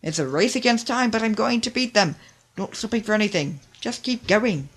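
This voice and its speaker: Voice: mid-range voice, animated, moderate pace, fairly bright tone, slightly rough, voice pushed up. A reader voicing a little engine in a storybook, panting and urgent as he races along. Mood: determined. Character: hurrying, breathless male engine. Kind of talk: storybook reading.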